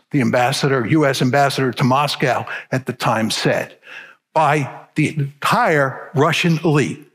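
Delivering a public lecture in a husky, medium-pitched voice, an older man presses his argument with emphasis, leaning hard on key words.

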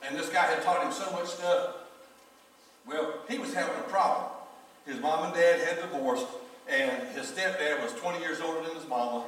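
A man's voice: fairly high pitch, moderate pace. A man, a pastor telling a story in his sermon and acting out the people in it. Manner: animated storyteller acting out quoted voices. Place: church sanctuary. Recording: echoey church hall from far off.

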